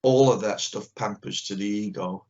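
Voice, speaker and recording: A warm, fairly low voice at a moderate pace belongs to an older karate teacher appearing as a video call interview guest. He is blunt and opinionated in this candid talk, acting out small exchanges, with dull lo-fi call audio.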